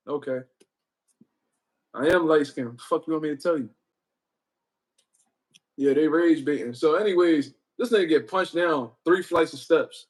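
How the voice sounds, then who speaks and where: High-pitched guy rambling on his livestream, swears a lot, tells stories all animated. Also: measured pace, pauses often, husky. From Puerto Rico. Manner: profane, animated storytelling with repeated words. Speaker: livestream host. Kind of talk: casual livestream chat.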